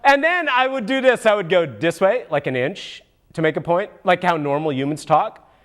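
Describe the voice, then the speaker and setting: A man puts on a cheeky monkey puppet who rants like a pundit in a comedy puppet show. The voice sits high and swoops all over the place. He jeers, jokes and lets out sudden whoops. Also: animated, normal speed, a bit bright. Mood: mocking. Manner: goofy, mocking, with sudden whooping outbursts. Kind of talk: comic puppet political commentary.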